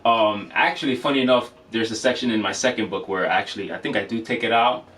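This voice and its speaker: A man giving a casual drum lesson, relaxed and chatty, with many fillers and frequent checks of "okay?". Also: on the low side, quick pace. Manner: relaxed, filler-heavy, says "okay?" often. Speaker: drum teacher. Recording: distant mic with faint noise.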